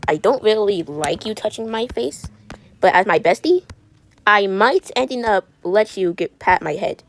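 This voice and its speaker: A woman's voice: mid-range voice, lively intonation, normal speed, slight background noise. A woman video creator chatting while she colors. She talks in a sassy, rambling way and often stumbles and restarts her words.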